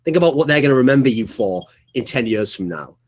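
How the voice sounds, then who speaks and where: A man's voice: medium pitch, animated, quick pace, natural voice. A man voicing a coaxing team leader talking a teammate into returning. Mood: persuasive. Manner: coaxing, persuasive. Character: persuasive male team leader, smooth talker.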